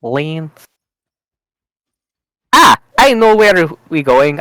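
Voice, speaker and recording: A man's voice: fairly high pitch, lively intonation, slow, a bit bright, dry recording, rough recording. A man playing a tabletop role-playing game, switching between his own voice and his character in a playful, laughing, theatrical way. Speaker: tabletop player. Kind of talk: casual in-character tabletop play.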